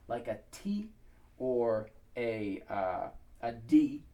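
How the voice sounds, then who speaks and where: An American man giving a relaxed spoken pronunciation tutorial. He talks thoughtfully, with many pauses and fillers, and now and then sings short syllables to demonstrate. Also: mid-range voice, recorded from a distance. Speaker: pronunciation instructor.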